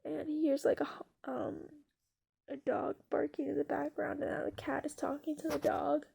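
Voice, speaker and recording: A woman spins an improvised story in a loose, rambling way, peppered with fillers and curse words. Her voice sits high with a mellow, dark tone and a strong gravelly fry. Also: little pitch movement, moderate pace. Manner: rambling, filler-heavy, swearing, giggly.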